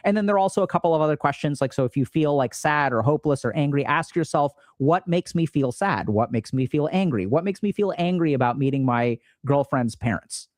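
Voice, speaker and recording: A man's voice: fairly high pitch, lively intonation, a little fast, hardly any pauses, darkish tone, no room sound, studio quality. A man in his thirties explaining emotional skills in a casual, upbeat way, slipping into voices for remembered conversations. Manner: casual, upbeat, acts out quoted dialogue. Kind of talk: explanatory talk to camera.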